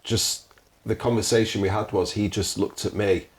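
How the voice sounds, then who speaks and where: A man, a podcast guest and radio presenter, telling animated stories. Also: on the low side, normal speed. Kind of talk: storytelling interview answers.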